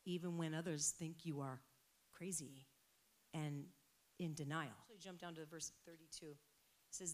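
A woman preaching a sermon with passion, dropping to quiet stretches and then rising to loud, emphatic peaks. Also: deep voice, steady tone, moderate pace, pauses often.

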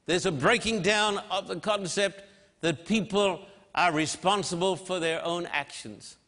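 A man preaching a sermon with emphatic, measured delivery and dramatic pauses. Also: sits high, sharp tone. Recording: long hall reverb.

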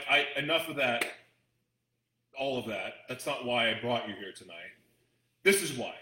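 A man's voice: medium pitch, pushed and bright, roomy sound, low-quality recording. A man hosting a talk, chatting to his audience in a rambling, emotional way with frequent restarts. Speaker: host addressing an audience. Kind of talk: casual storytelling talk.

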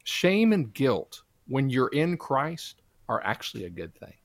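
A man's voice: mid-range voice, very animated, unhurried, vocal fry, no room sound. Earnest male minister guest, preacherly testimony, dry close studio sound. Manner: earnest, preacherly, quotes scripture. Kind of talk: conversational interview testimony.

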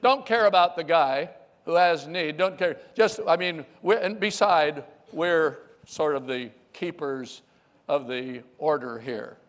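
A male preacher acting out impatient, self-important men in a crowd who scold a beggar to be quiet. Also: a little high, a little slow, lightly acted. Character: bossy bystanders hushing a beggar, adult men.

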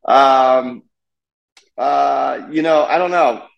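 A man's voice: medium pitch, brisk, muffled recording. A man in his thirties, a race car driver, chatting casually in an interview with many fillers and restarts.

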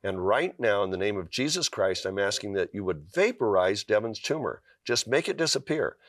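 A man's voice: on the low side, animated, moderate pace, dry recording, studio quality. Earnest middle-aged man telling a story. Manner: earnest storyteller, acts out quoted lines, with fillers and restarts. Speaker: guest author. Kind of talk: storytelling in a talk show interview.

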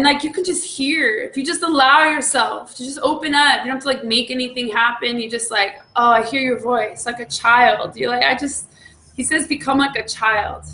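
A woman leading a devotional meditation, often exclaiming in awe and laughing softly. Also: fairly high pitch, roomy sound. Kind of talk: devotional teaching.

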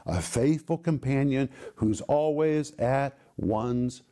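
A man hosting a ministry broadcast, teaching the Bible in an emphatic way and slowing down to stress key words. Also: medium pitch, mellow.

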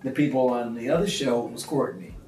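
A man, a comedian, telling stories in a relaxed interview and acting out the people he quotes. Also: medium pitch, a little fast, soft background music. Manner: animated storyteller who acts out quoted people. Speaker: comedian guest. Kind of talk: conversational interview storytelling. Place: small theatre. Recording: roomy sound from a distance.

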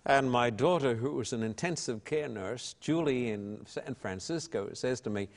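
Fervent older Australian preacher. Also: male voice, medium pitch, moderate pace. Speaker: evangelist and pastor. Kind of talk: interview answers.

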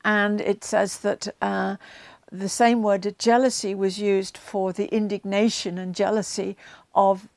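A woman's voice: medium pitch, flat delivery, unhurried, creaky, a little mellow, no room sound. A woman giving a conversational Bible teaching to camera, with chatty asides and frequent ums, growing emphatic as she retells scenes.

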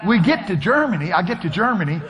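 A man preaching a sermon, telling stories with animated delivery and shouting his punchlines. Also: high-pitched, fast talker. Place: church sanctuary. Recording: long hall reverb.

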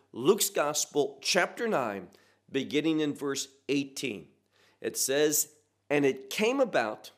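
A man teaching a sermon verse by verse, earnest and emphatic, asking the listeners rhetorical questions. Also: fairly high pitch. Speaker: pastor. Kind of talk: expository Bible teaching.

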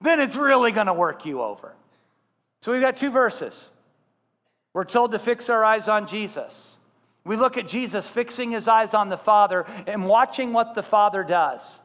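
A man preaching a sermon as pastor, telling stories with animated voices. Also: high-pitched, moderate pace, big-room sound. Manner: animated storytelling, acting out voices.

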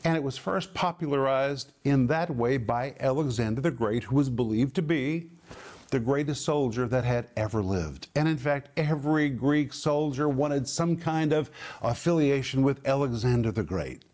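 A man hosting a televised Bible teaching, speaking earnestly and emphatically, slowing down to stress key phrases. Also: medium pitch, expressive, darkish tone. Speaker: Bible teacher and TV ministry host.

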